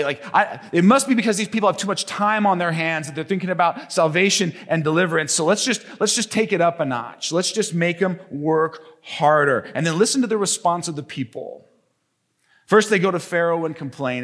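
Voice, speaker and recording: Animated male pastor preaching. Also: high-pitched. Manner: animated, acts out the story characters in voices. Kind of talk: sermon.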